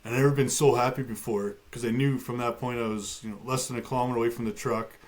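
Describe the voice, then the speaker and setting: As a talk show guest, a bear attack survivor tells his own story in a middle-pitched voice at a quick pace. He stays steady and matter-of-fact, with touches of dry humor and plenty of casual fillers.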